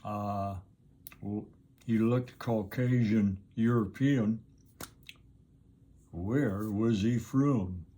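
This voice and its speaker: An older man with a Southern American drawl talks to his camera in the outdoor sun, rambling along at an unhurried pace. His voice sits low and mellow, and he often pauses on an "uh" before going on. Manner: slow, rambling and unhurried with frequent uhs. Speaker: vlogger. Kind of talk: casual talk to camera.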